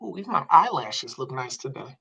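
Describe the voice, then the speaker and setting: A middle-aged man hosting a casual staff update on a video call, animated and repetitive, stretching out his phrases. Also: mid-range voice, vocal fry, husky, low-quality recording. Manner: animated, repeats himself, drawn-out phrases.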